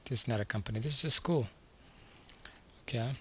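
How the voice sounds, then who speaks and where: A man teaching a beginner vocabulary lesson from slides, saying each word twice and slowly before asking what it means. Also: medium pitch, sharp tone, slight background noise. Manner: repeats each word slowly, then quizzes the listener. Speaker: language teacher.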